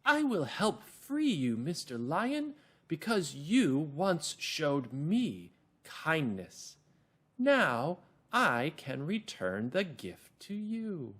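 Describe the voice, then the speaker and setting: A man's voice: a little high, wildly swooping pitch, a bit bright, slightly rough, pitched above the performer's own voice, heavily acted. A man voicing a small, kind mouse in a children's reader's theater, with a small little voice. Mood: earnest. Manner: small little voice, slow and careful. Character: small gentle mouse, kind and eager to help.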